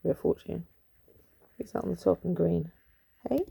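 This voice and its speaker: A woman rambles through a tarot reading in a casual, sweary, joking way, breaking off to talk to her dog. Her voice is heavily gravelly and husky, with a dark, mellow tone sitting a little low. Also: moderate pace, rough recording. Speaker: tarot reader.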